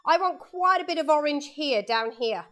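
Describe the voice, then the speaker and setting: A woman's voice: high voice, animated, normal speed, a bit bright. A woman art teacher giving a live painting lesson for children in her studio, chatting and explaining each step as she draws, speaking into a lapel mic.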